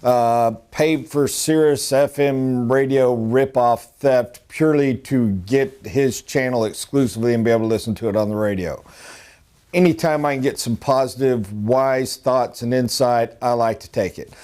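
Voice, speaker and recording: A man's voice: mid-range voice, moderate pace, a little mellow. A middle-aged man giving a rambling, earnest motivational talk as a sales trainer.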